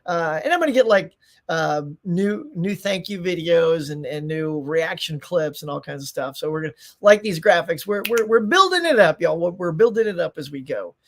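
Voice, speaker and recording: Middle-aged guy rambling on his live stream, reads chat out loud, playful asides. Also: a little high, big pitch swings, moderate pace. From United States.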